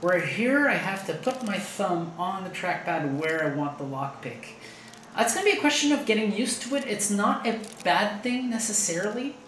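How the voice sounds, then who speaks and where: A woman's voice: mid-range voice, lively intonation, moderate pace, fairly bright tone, echoey room, a little hiss or hum, rough recording. A woman hosting a gaming video, chatting casually over her play and thinking aloud with fillers. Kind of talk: casual gameplay commentary.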